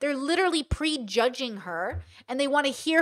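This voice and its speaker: A woman's voice: high-pitched, lively intonation, moderate pace, hardly any pauses, fairly bright tone, no room sound, studio quality. A woman hosting a reaction commentary, blunt and exasperated, swearing and acting out what others say. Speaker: commentary host. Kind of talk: reaction commentary on stream clips.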